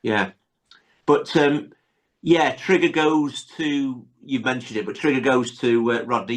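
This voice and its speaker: A man's voice: medium pitch, a little slow. A man hosting a podcast, casually retelling sitcom scenes with many tag questions. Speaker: podcast host. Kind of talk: casual chat recapping a sitcom episode.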